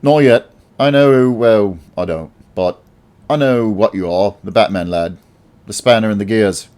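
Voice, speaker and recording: A man's voice: lowish voice, unhurried, darkish tone, voice pushed up, natural voice. A man voicing a tough, brawling butler with a roguish Australian gangster accent in an audiobook, snapping and menacing. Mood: urgent. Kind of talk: audiobook character voice.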